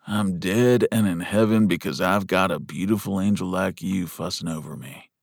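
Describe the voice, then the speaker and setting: A man's voice: sits low, normal speed, gravelly, dry recording, studio quality. A man voicing a brash, flirtatious, injured cowboy with a cocky drawl, in an audiobook.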